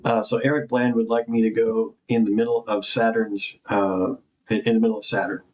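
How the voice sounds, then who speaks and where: A man's voice: on the low side, flat delivery, a little fast, a little mellow, rough recording. A man, an investigative journalist, talking in a casual, joking way with lots of fillers and restarts. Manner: informal, joking, rambling with fillers. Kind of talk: casual conversation.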